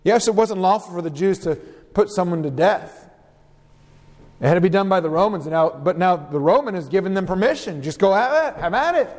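Male pastor, high voice, emphatic verse-by-verse preaching, long hall reverb. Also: a little fast, darkish tone. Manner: reads scripture verses aloud and explains them, emphatic. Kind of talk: expository sermon.

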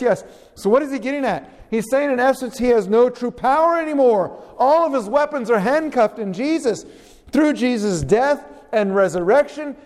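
A man preaching a sermon, dropping his voice low for scripture and rising sharply on questions. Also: darkish tone. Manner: swings pitch widely, drops low on quotes, rises on questions. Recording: long reverb of a large hall.

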